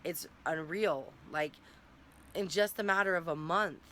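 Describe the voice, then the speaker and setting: A woman's voice: fairly low pitch, a little slow, sharp tone. Candid young woman vlogging, faint hiss. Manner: candid, rambling, tearful at times. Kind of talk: emotional personal vlog.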